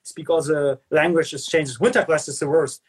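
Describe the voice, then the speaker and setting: A young man from Ukraine who grew up speaking Ukrainian and Russian, talking in a casual interview as a guest skater. He talks haltingly, searching for words, and laughs often. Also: on the high side, fairly even intonation, slightly rough. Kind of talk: casual video-call interview.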